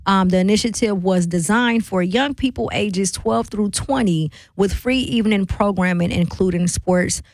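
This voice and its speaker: A woman's voice: medium pitch, normal speed, hardly any pauses, darkish tone, dry recording. A woman hosting a radio show, chatting casually and laughing often with an upbeat delivery. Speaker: radio host. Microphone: studio microphone.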